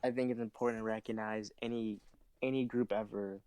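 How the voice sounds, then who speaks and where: A man's voice: lowish voice, steady tone, fairly quick, warm tone, smooth, no room sound, rough recording. A man in a casual group discussion, laying out his points step by step with careful hedging. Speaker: podcast co-host.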